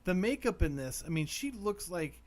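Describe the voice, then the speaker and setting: A man's voice: high-pitched, sing-song, normal speed. A man co-hosting a horror movie podcast, recapping the film in casual, rambling talk with frequent "like" and casual swearing. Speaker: podcast co-host. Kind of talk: casual movie review chat.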